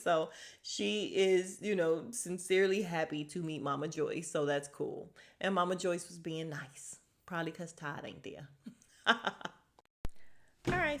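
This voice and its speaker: A young woman chatting casually as she recaps a reality show, gossipy and quick to laugh. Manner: chatty and gossipy, laughs often, lively pitch swings.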